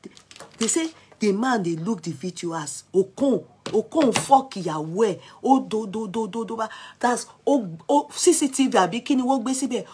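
A young Nigerian woman with an accent, excitedly recounting gossip on her vlog and switching between Pidgin and Yoruba. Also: fairly high pitch, normal speed, slightly rough. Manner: excitable, mixing Pidgin and Yoruba, laughing asides. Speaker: gossip vlogger. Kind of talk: animated gossip commentary.

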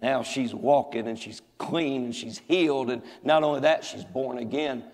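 A pastor preaching a sermon, folksy and joking, with emphatic repetition. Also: male voice, mid-range voice, fairly even intonation, moderate pace, darkish tone. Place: large church hall. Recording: echoey church hall.

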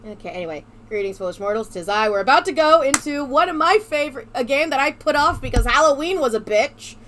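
A woman streaming a video game, chatting excitedly with her co-host and breaking into squeals. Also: high voice, quick pace, slight background noise. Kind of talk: casual game stream chat.

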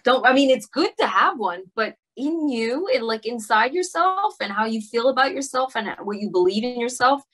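A middle-aged actress talking through an interview in a reflective way, pausing often with fillers and restarting her sentences. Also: fairly high pitch, animated, fairly bright tone. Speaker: actress guest. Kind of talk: casual interview conversation.

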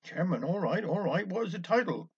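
A man's voice: high-pitched, animated, a little fast, darkish tone, breathy edge, heavily acted. A man with a Cornish accent voicing a formal older village chairman announcing a concert. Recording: dull lo-fi recording.

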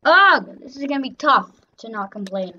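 A woman's voice: a little high, a little fast, pushed and bright. A young woman commenting on her own gameplay, swinging between mock cheer and grumbling complaints. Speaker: gaming YouTuber. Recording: slightly dull lo-fi audio with faint noise.

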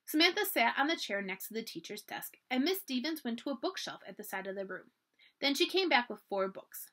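A woman's voice: on the high side, fairly quick. A woman reading a children's chapter book aloud for a library, telling it expressively. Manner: expressive, animated storytelling. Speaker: library storytime reader.

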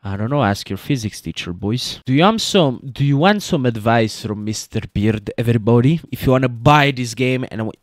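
A man's voice: medium pitch, lively intonation, a little fast, hardly any pauses, no echo, studio quality. A man giving casual, rambling commentary over his gameplay, joking and talking to his viewers. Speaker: gaming YouTuber.

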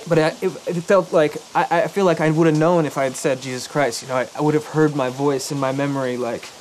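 A young man in a film telling a rambling anecdote to a friend, halting and correcting himself as he goes. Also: on the high side, fairly even intonation, a little hiss or hum, close to an everyday voice, rough recording. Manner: halting, hesitant, self-correcting.

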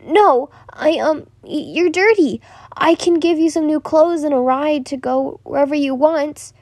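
A woman's voice: fairly high pitch, unhurried, warm tone, no echo. A woman voicing a young boy who is eager and clingy, with a cold possessive streak. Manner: eager, pleading, childlike.

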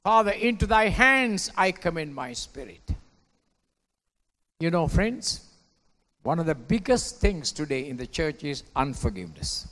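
Impassioned pastor preaching in a big hall. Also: male voice, on the high side, very animated, unhurried. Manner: dramatic preaching, swinging between hushed and shouted lines. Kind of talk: sermon. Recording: long hall reverb.

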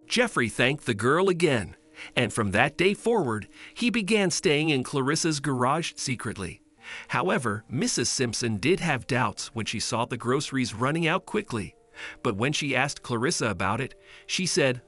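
A man reading a scripted story in a steady storytelling way. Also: medium pitch, moderate pace. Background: faint music.

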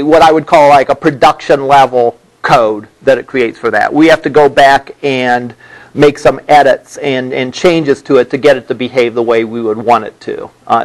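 A man's voice: mid-range voice, low-quality recording. A male college instructor giving a classroom lecture, rambling with many restarts and repeated words.

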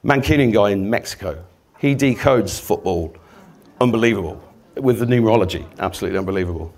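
A man's voice: on the low side, quick pace, darkish tone. A man, giving a sweary, rambling, self-mocking comic talk to a live audience. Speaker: podcast host giving a talk.

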